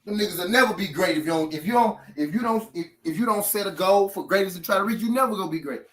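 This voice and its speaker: A man's voice: sits high, fast talker, a bit bright. A man from Memphis, hosting casual sports talk in a profane, argumentative, repetitive way. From Memphis, Tennessee.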